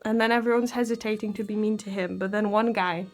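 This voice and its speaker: A woman's voice: mid-range voice, fairly even intonation, fast. Rambling, self-deprecating woman vlogger. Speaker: vlogger summarizing a book. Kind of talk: casual chat.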